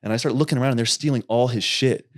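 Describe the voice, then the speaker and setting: A young man, a YouTuber and podcast guest, telling rambling, animated stories in casual talk and swearing freely. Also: medium pitch, fast. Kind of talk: casual storytelling.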